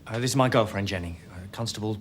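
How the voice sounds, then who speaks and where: An actor plays a nervous young man who stumbles and hesitates as he answers questions. A clear hiss runs under the old TV soundtrack. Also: fairly low pitch, fast talker, lightly acted.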